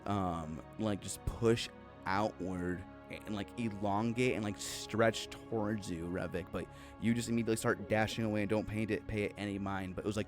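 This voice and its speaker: Low-voiced guy gm narrating a horror campaign, lots of "like"s, soft music behind. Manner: loose, filler-heavy narration. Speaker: game master. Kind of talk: narrating a horror tabletop game.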